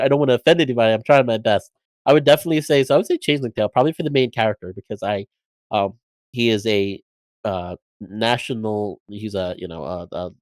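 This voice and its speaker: A podcast guest talks hesitantly, running his words together with fillers and putting himself down. His voice is at an ordinary pitch and recorded close with no room sound. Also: no echo. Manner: hesitant, self-deprecating, many fillers. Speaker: guest voice actor. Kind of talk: casual roundtable chat.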